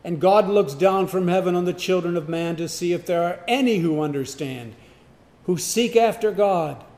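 A man preaching a sermon, emphatic, swinging from loud declarations to hushed asides. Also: sits high, moderate pace. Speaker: pastor.

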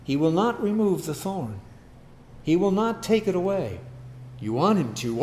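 A man's voice: fairly high pitch, sing-song, a little slow, darkish tone, reverberant. A man preaching a sermon as pastor, emphatic and repeating key phrases.

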